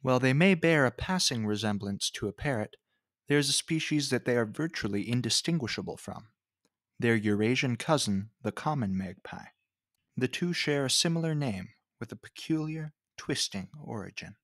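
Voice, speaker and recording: A man's voice: medium pitch, lively intonation, moderate pace, a bit bright, no room sound. Man narrating in a dry close voice-over. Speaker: birding video narrator. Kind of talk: scripted narration.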